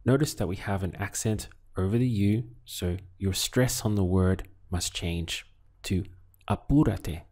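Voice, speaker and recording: A man teaching a Spanish lesson in a calm, measured voice, asking the listener to answer and then giving each phrase. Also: deep voice. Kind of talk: scripted language lesson.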